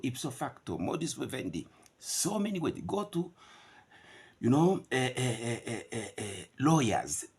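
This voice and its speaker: Husky lecturing man, lively pitch. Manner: repeats words slowly to model pronunciation. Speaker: English pronunciation teacher. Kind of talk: classroom lecture on pronunciation.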